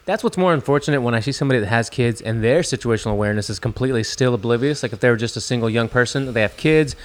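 A man's voice: medium pitch, very fast. A man co-hosting a podcast, earnestly telling stories and giving advice. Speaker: podcast co-host. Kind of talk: casual podcast chat.

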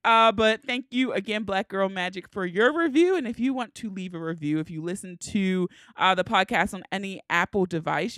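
Woman, Baltimore accent, podcast host, smooth voice, dry close mic, casual and laughing. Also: medium pitch, fairly bright tone, dry recording. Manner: laughing, chatty and frank.

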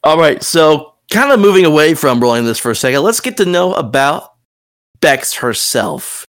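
A man's voice: on the high side, big pitch swings, moderate pace, fairly bright tone. A man with a Southern US accent hosting a casual podcast chat, rambling with many fillers and restarts. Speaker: podcast host and game master.

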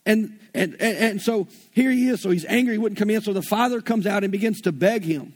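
Southern preacher guy, high-ish raspy voice, earnest folksy sermon talk. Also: fairly quick, darkish tone. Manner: earnest, folksy, retells scripture in everyday slang. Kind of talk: conversational sermon.

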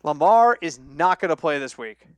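A young man co-hosting a casual sports betting podcast, telling stories with lively acted-out quotes and frequent laughter. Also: a little high, normal speed, no echo. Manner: animated storyteller, acts out quoted voices, laughs often. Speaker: podcast co-host.

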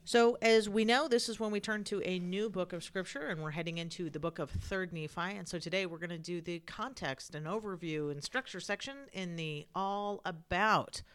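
A woman's voice: fairly low pitch, moderate pace, few pauses, clear, resonant tone. A woman hosting a casual scripture study podcast, sounding sleepy, chatty and repeating herself with many fillers. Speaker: podcast host.

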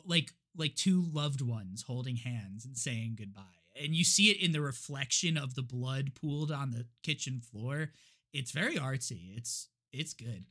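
A podcast co-host retells a movie's plot in casual conversation, restarting often and laughing a lot. His mid-range voice sounds pushed and bright.

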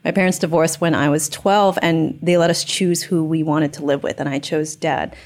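Young woman, candid storyteller, slightly low pitch, casual podcast chat. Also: moderate pace. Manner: candid, animated storytelling with quoted dialogue.

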